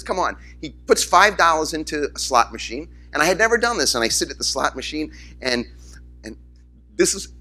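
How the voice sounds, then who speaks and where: A rabbi gives a keynote to a crowd, a man whose voice comes across bright and forceful. He spins his stories with animation and slips into the voices of others, while a little music lingers faintly behind him. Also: medium pitch. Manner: storytelling, animated, acts out quoted voices. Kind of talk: conference keynote speech. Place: conference hall, in front of audience.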